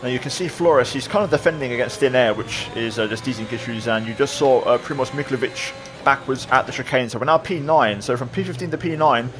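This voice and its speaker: A man talking through a replay of his own online race, relaxed and reflective, with many fillers. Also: mid-range voice, brisk, hardly any pauses, over music. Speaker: sim racing video creator. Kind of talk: replay commentary voice-over.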